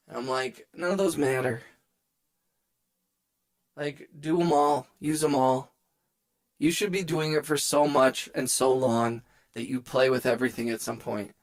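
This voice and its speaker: A man's voice: medium pitch, a little slow, pauses often, dry recording. A man hosting a casual late-night music livestream, rambling and joking as he reads the chat aloud, with music playing behind him. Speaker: livestream host and music producer. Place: home studio. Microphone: studio microphone.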